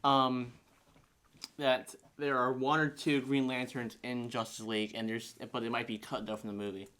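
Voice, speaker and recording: A man's voice: mid-range voice, level tone, moderate pace. A man hosting a casual podcast chat, reading out news items and often talking away from the mic. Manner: reads out news items, quiet at times. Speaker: podcast host.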